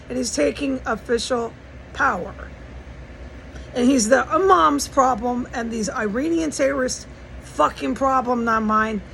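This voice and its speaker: Gravelly American woman ranting urgently. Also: fairly high pitch, fairly bright tone, slight background noise, poor audio. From United States. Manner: profane, rambling, urgent. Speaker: vlogger. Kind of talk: agitated personal monologue. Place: indoors in a house.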